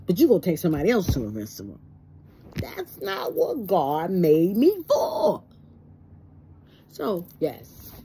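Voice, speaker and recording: Stressed woman venting in a vlog, dark mellow voice, plays out both sides of the talk. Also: deep voice, a little hiss or hum. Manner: emotional, plainspoken, acts out both sides of conversations. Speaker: vlogger. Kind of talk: personal monologue to camera.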